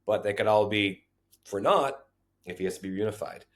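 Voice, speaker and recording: A man's voice: lowish voice, normal speed. A man, a former social worker, telling his own stories in an interview and acting out the voices of people in them. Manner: animated, acts out quoted voices. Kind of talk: storytelling interview.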